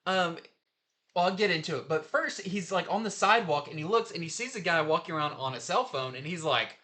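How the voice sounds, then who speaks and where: A man talks through the week's new comics in a loose, rambling way, full of fillers and restarts. His voice is bright and sits a little high for a man. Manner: chatty, rambling retelling with fillers. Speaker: comic shop reviewer. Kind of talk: casual comic review.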